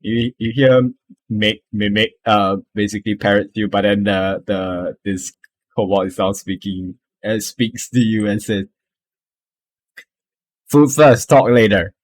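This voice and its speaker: Slow, low-voiced game master. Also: male voice, level tone. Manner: laughs often, halting with many fillers. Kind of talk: narrating a tabletop game.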